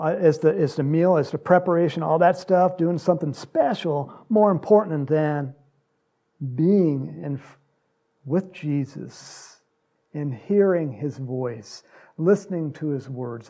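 A man's voice: fairly high pitch, gravelly, darkish tone. A man preaching an informal, conversational sermon, with frequent fillers. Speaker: pastor.

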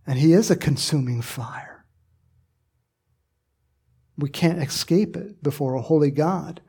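A man preaching a sermon to his congregation, animated and emphatic, joking with people in the pews. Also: on the high side, normal speed, breathy edge. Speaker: pastor.

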